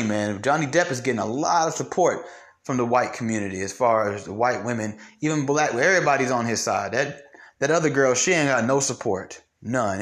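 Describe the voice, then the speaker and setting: A man's voice: medium pitch, fairly bright tone. A young man hosting solo commentary, blunt and profane, ranting with mocked quotes. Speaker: commentary host.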